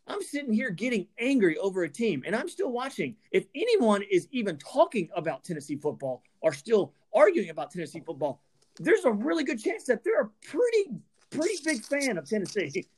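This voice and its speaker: A man's voice: high voice, a little mellow. Angry ranting man. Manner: angry, emphatic, stammering restarts. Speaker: podcast co-host. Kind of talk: heated sports rant.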